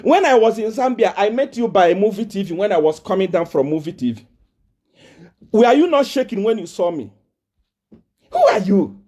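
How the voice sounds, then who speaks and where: A Nigerian man taunting and challenging a rival, loud and repetitive. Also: sits high, expressive, brisk. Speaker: preacher. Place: South Africa.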